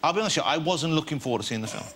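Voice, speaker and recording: Quick-talking male chat show host. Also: a little high, expressive, a bit bright, a little hiss or hum. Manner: jokey, quick and enthusiastic. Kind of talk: late-night chat show banter. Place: television studio with audience. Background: studio audience.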